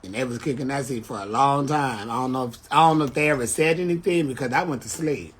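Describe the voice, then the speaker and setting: Husky, brash, profane storyteller man. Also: medium pitch, fast talker. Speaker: drag performer on a livestream. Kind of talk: casual livestream chat. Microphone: phone livestream.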